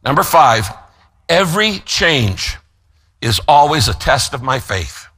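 A man preaching a sermon as pastor, emphatic, slowing down to stress key phrases and telling listeners what to write down. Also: medium pitch, sing-song, pushed and bright, breathy edge. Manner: gives note-taking instructions to listeners.

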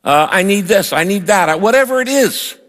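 A man preaching a sermon, telling a personal story and acting out his own prayers in an animated way. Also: sits high, a little fast. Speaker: pastor. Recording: long hall reverb.

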